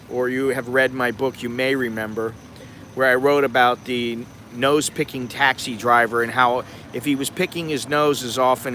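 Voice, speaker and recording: An American man vlogging at an outdoor night market, telling a rambling story with chuckles and growing animated. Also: mid-range voice. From United States. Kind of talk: casual storytelling vlog. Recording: faint outdoor street noise. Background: traffic and street noise.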